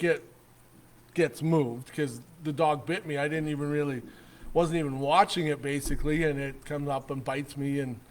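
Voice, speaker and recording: A middle-aged man from Canada, hosting his own show and telling a rambling, animated anecdote full of restarts and chuckles. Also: on the high side. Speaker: host. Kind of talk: casual storytelling.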